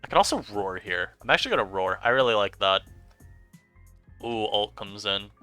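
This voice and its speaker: A man giving chatty, animated commentary over his own gameplay as a streamer, laughing often. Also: on the low side, moderate pace, smooth, no room sound, soft background music. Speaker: online game streamer.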